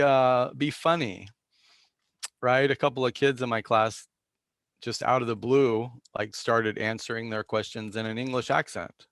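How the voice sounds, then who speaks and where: A man gives a slow, unhurried Zen talk in a gravelly voice. He is reflective and self-deprecating, with lots of fillers and restarts and a cough now and then. The sound is close and dry. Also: mid-range voice, fairly bright tone, no echo. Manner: halting, with many fillers and restarts. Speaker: Zen teacher. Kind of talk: dharma talk.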